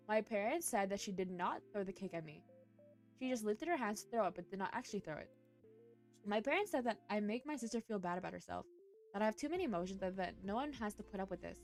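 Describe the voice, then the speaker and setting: A woman streamer reads online posts aloud at an ordinary middle pitch, then reacts with sudden loud, cursing outbursts. Faint music plays under her voice. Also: animated, fast talker.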